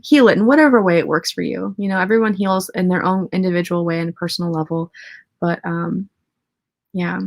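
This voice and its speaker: A woman hosting a live psychic Q&A, consoling viewers in a soft, gentle way with many fillers, audibly emotional. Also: mid-range voice, gravelly, no echo, studio quality. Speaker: psychic advice host. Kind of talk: live Q&A on love and the afterlife.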